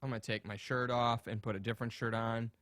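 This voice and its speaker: A man hosting a comedy podcast, talking crudely and profanely in a rapid, ranting way. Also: mid-range voice, level tone, a bit bright, no echo, studio quality. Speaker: podcast host. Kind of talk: casual comedic podcast rant.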